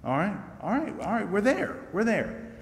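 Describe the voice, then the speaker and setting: A man's voice: sits high, big pitch swings, moderate pace. A man giving a sermon as guest preacher, in a conversational, joking way and putting questions to the congregation. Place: church sanctuary. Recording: echoey church hall.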